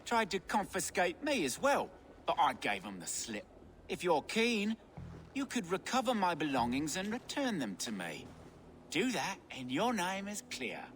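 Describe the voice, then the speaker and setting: A game's silver-tongued crook, higher-pitched, sing-song delivery. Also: male voice, huge pitch swings, measured pace, fairly bright tone, slight background noise, exaggerated voice. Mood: sly mocking. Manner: smooth-talking, mocking, theatrical. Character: sly charming male swindler, middle-aged. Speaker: video game character.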